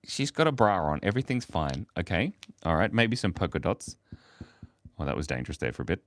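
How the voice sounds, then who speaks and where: Lively Australian man drawing on stream. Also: low voice, unhurried, pauses often, no echo, clean studio sound. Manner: playful, reads viewer comments aloud, laughs often. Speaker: livestream artist. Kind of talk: casual livestream drawing chat.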